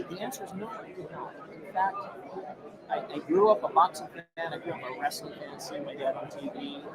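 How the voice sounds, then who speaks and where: Brief: soft-spoken male guest, high voice, loud crowd around. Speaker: boxing ring announcer, guest. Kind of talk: casual interview chat. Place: busy media row outdoors. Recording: crowd noise behind. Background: loud crowd chatter.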